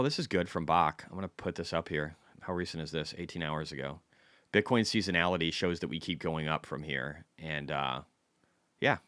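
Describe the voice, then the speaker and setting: A man's voice: low-pitched, a bit bright, no room sound. A man hosting a casual stock market livestream, blunt and chatty, reading economic data aloud and answering viewers' questions.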